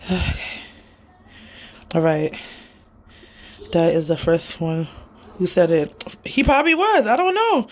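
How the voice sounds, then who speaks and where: A woman's voice: lowish voice, wildly swooping pitch, takes it slowly, pauses often. A young woman vlogging casually while she cleans, rambling and chatty, talking to a child off camera and reading comments aloud.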